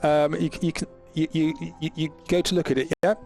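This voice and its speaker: A man narrating as game master, often halting with restarts and ums. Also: fairly high pitch, level tone, darkish tone, faint music behind.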